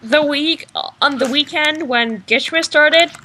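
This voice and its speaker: Bright playful young woman podcaster. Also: high voice, takes it slowly, slight background noise. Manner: playful storytelling, teasing. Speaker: co-host. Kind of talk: casual fan podcast chat.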